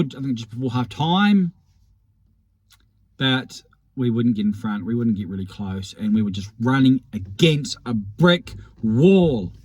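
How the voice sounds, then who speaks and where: A man's voice: mid-range voice, a little mellow, dry recording. New man, wry rambling storyteller, middle-range voice, dry booth-like sound. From New Zealand. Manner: rambling, wry, self-deprecating. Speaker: rugby vlogger. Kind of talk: casual reminiscing monologue.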